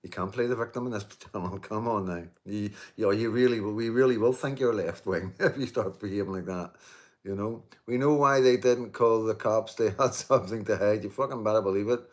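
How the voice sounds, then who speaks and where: Man, 50s, low-ish voice, casual live-stream host; emphatic, repetitive, salty with commenters. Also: fairly quick. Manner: emphatic, repeats himself, many restarts and "you know"; swears and jokes with commenters. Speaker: livestream host reading viewer comments.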